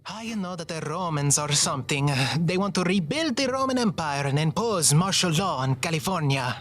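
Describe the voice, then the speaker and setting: A woman's voice: on the low side, expressive, moderate pace, a little hiss or hum, natural voice. A woman voicing a wry, sarcastic female companion in a game, with dry teasing remarks. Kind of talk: game character dialogue.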